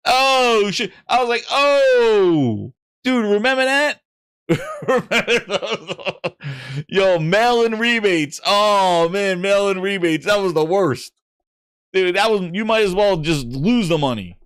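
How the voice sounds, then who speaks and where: Animated, swearing male gaming host. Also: high-pitched, measured pace, clean tone, no echo, clean studio sound. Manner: animated, swearing, acts out voices in anecdotes. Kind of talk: casual livestream storytelling.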